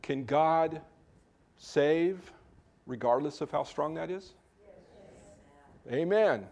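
A man's voice: on the high side, takes it slowly, darkish tone. A male pastor preaching a conversational sermon, informal, with frequent restarts and joking asides.

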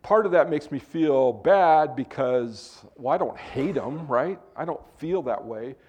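A man's voice: mid-range voice, animated, a little slow, darkish tone, husky. A pastor preaching a conversational sermon to a small congregation, joking with them as he explains a Bible passage.

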